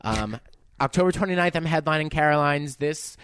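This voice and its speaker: A man from Staten Island, a comedian guest on a podcast, talking in a self-deprecating, halting way with many restarts. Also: on the high side, expressive, a bit bright, clean tone, no echo, clean studio sound. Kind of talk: casual podcast chat.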